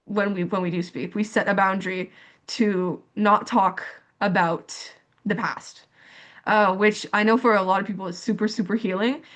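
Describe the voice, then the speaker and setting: Candid young woman telling her story. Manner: animated storytelling, acts out quoted dialogue in higher pitch; frequent fillers and repetitions. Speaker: panelist sharing lived experience. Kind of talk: candid personal account on a panel.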